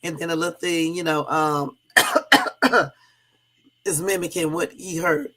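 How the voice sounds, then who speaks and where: A woman's voice: deep voice, steady tone, slow, pushed and bright. Chatty woman hosting a casual livestream. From Southern California. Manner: chatty, laughing, addresses viewers as y'all. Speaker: livestream host.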